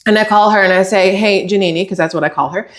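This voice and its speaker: A woman tells a story to her channel in a loose, casual monologue. She sounds exasperated and animated, and she plays out both sides of the conversation in her retelling. Her voice sits at an ordinary middle pitch. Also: fast talker. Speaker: channel host.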